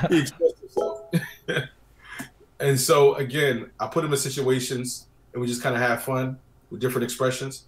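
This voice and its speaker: A man's voice: medium pitch, level tone, a little slow, long pauses, faint music behind. A man talking casually as a guest about wedding photography, telling stories and acting out his clients' lines. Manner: chatty storyteller, acts out clients' lines. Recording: roomy echo.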